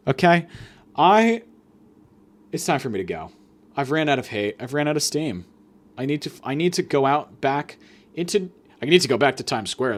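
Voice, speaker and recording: A man hosting a podcast, delivering a profane, sarcastic comedic rant that swings between loud outbursts and mutters. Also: medium pitch. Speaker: podcast host.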